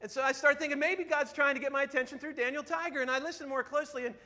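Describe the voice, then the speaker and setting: Male pastor, 30s, bright and tense tone, long church reverb. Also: extremely high pitch, fairly even intonation, rapid-fire. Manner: earnest, drops to a hush then rises emphatic. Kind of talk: sermon. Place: church sanctuary. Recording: long reverb of a large hall.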